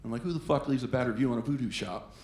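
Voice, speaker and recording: A man's voice: medium pitch, very fast, a little hiss or hum. A man performing a stand-up comedy set on a club stage, telling stories and acting out quoted voices. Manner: animated storytelling with quoted voices. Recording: echoey club with faint ambience.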